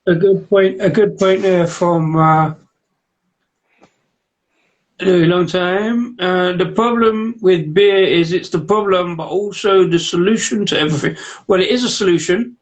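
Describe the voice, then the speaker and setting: A man with a fairly high voice banters on a casual home livestream. He cracks jokes and reads out viewer comments between sips. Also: a little slow, poor audio. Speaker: co-host of a beer review show. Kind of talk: casual chat and beer tasting on a livestream. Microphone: home setup on a live video stream.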